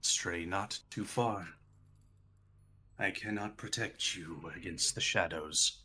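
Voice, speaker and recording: A solemn male cult leader murmurs in a low, hushed voice, as a game master puts him on. He speaks slowly and ominously, with a bright edge to his tone. The menace stays quiet and measured throughout. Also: a little hiss or hum, full character voice.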